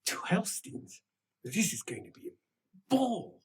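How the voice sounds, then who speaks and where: A game master voicing a pair of sly, eager male twin guard sergeants who mutter in low, hushed voices. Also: big pitch swings, moderate pace, distant mic. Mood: conspiratorial.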